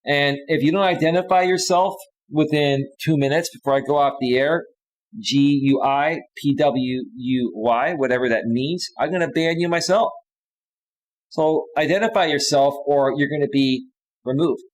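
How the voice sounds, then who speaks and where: A man's voice: a little high, normal speed, poor audio. A man hosting a live stream, reading viewer comments aloud and answering them bluntly and dismissively. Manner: blunt and dismissive, with frequent restarts.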